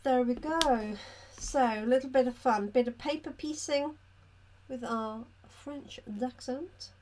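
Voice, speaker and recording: Unhurried, chatty woman crafter. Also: high voice, darkish tone, a little hiss or hum. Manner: chatty, talks to viewers by name and answers their comments. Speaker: craft demonstrator. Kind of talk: live card-making demonstration.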